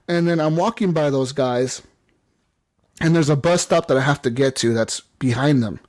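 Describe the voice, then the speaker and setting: A man hosting a casual gaming podcast, telling a story in a rambling, excited way full of "like" and "you know". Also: mid-range voice, moderate pace. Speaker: podcast host.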